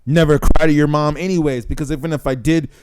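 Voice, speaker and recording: Here the host's voice is a little high with fairly even intonation, a quick pace, and a darkish, clear, resonant tone. Addressing the camera casually, he's blunt and emphatic and keeps adding "man" and "right?" to his lines.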